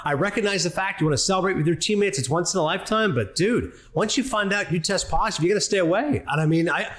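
A Canadian man, a sports broadcaster, chatting as a guest and telling stories quickly. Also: high voice. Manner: fast, animated storyteller. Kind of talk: casual chat.

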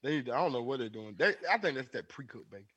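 Brief: male podcast co-host, playful back-and-forth, lively pitch, dry close sound. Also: fast talker, slightly rough, no echo, lo-fi sound. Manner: laughing, playful banter. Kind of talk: casual comedic chat.

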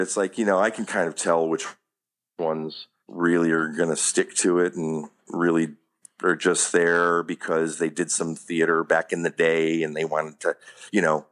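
Rambling, blunt acting coach, fairly low voice. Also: male voice, a bit bright. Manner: rambling, full of "you know what I mean"; blunt, swears casually. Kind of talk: casual interview talk.

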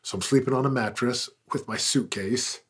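A man's voice: mid-range voice, moderate pace, a bit bright, breathy edge. A man in his forties, a podcast guest, telling his story in an earnest, emphatic way that swells with intensity. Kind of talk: conversational interview storytelling.

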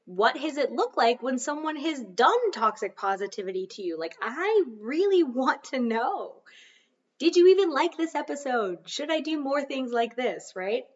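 A woman's voice: high-pitched, sing-song, normal speed, breathy edge, distant mic, muffled recording. A woman hosting a casual self-help podcast, chatty and easily sidetracked, laughing off her own lapses. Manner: chatty, loses her train of thought and laughs it off. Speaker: podcast host.

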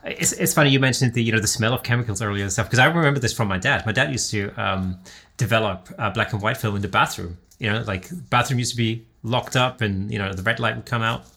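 A man's voice: on the low side, quick pace, gravelly, pushed and bright. A man in casual conversation, rambling, with many restarts and fillers. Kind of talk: casual chat.

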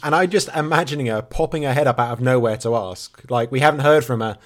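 A man's voice: medium pitch, fast talker. A man co-hosting a casual podcast, wry and casual, swearing now and then. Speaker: podcast co-host.

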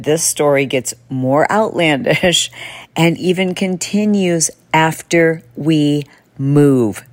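A woman podcast host telling a story in a casual, animated way, acting out voices from it. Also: sits low, dry recording, low-quality recording. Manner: animated, acts out voices in her stories. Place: in a car. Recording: clear road noise behind.

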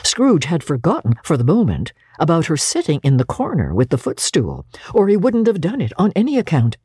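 A woman narrating a classic novel in an expressive audiobook reading. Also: sits low, fairly quick, slightly rough, no room sound, clean studio sound.

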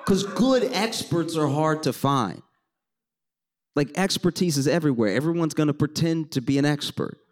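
A man from Louisiana telling a comic story on stage to a live audience, animated and wry, talking straight to the crowd. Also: a little high, moderate pace.

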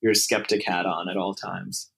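Low-voiced man talking haltingly. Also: little pitch movement, creaky, a bit bright, husky, poor audio. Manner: hesitant, many fillers and restarts. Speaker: interview guest, startup co-founder. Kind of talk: casual interview talk.

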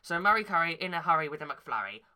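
A man's voice: on the high side, big pitch swings, quick pace, bright, forceful tone. A man co-hosting a podcast, playing the bossy straight man in an improvised comedy sketch and keeping the bit on track. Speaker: podcast co-host.

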